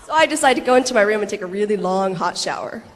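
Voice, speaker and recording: A woman in her thirties reads a personal story aloud before a convention audience. She tells it with laughing asides and quick acted quotes. The sound rings with the long reverb of a large hall. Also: mid-range voice, animated, background noise. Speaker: actress reading a personal letter on stage.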